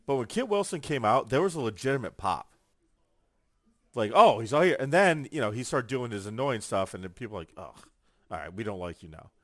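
The podcast co-host's medium-pitched voice is brisk, captured in a dry, clean studio recording. He's an animated storyteller on a casual chat show, acting out what others said.

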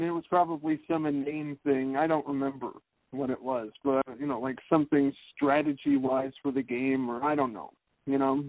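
A man co-hosting a casual podcast, telling a story in an animated, wry way. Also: a little high, creaky, dry recording. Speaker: podcast co-host. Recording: narrow phone-like sound, dry.

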